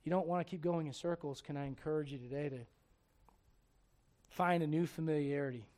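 A man's voice: a little high, steady tone, a little fast. Emphatic preaching pastor, a man. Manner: emphatic, conversational preaching with loud bursts and direct questions. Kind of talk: sermon.

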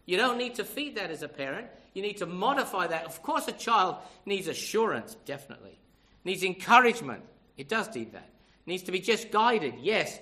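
High, bright-voiced older male preacher. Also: very animated, moderate pace. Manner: emphatic, conversational, asks the listeners rhetorical questions. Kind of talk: sermon.

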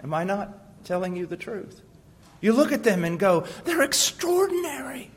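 A man preaching a sermon with passion, asking rhetorical questions and swinging from hushed tones to loud ones. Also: high voice, animated, moderate pace, breathy edge. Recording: long hall reverb.

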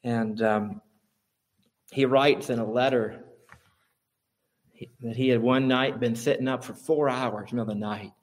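A male pastor preaches a sermon. His mid-pitched voice climbs sharply high on key points and hammers home repeated phrases for emphasis. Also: steady tone, measured pace, long pauses.

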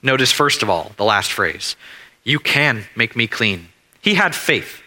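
A pastor delivers his sermon with animated rises and falls in his voice. His tone is sharp and forceful, and he repeats phrases and slows down on key words to press home each point. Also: medium pitch. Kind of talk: expository sermon.

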